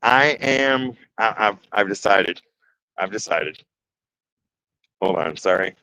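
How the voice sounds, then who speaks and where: A man from the Detroit area of Michigan hosts a casual woodworking livestream, chatty and joking as he reads chat comments aloud and blurts out nervous exclamations while working. His voice is on the low side, expressive, slow, creaky, bright, and forceful. The recording has no room sound but poor audio quality.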